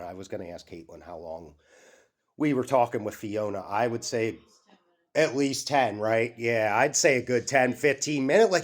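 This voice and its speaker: A young man hosting a casual vlog, rambling and excitable, swearing freely and jumping off on tangents. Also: medium pitch. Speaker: YouTube channel host.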